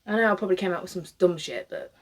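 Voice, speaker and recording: A woman's voice: lowish voice, very fast. A British woman in her thirties chatting casually as she styles a wig, rambling, swearing freely and laughing often. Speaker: cosplayer. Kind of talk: casual chat while styling a wig.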